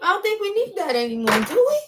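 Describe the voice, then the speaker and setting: A woman, hosting a casual livestream chat, joking and animated. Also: very high voice, fast, slight background noise. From New York. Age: 40s. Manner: animated, joking, breaks into laughs and shouts. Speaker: livestream host.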